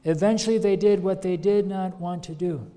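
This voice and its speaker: High-voiced preacher in a reverberant hall. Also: male voice, fairly even intonation, normal speed, dark tone. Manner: earnest, questioning the congregation. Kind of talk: sermon.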